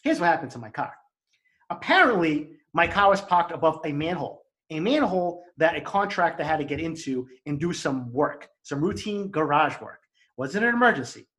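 A man with a Boston accent telling an angry story in casual chat, fast and profane. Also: a little high, big pitch swings, fairly bright tone.

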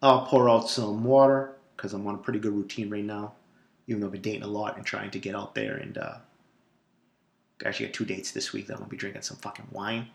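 A man's voice: on the low side, level tone, fast talker, creaky. Man, Boston accent, solo podcast host, profane and jokey, echoey room. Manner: profane, rambling, brash, jokey. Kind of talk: casual solo podcast monologue.

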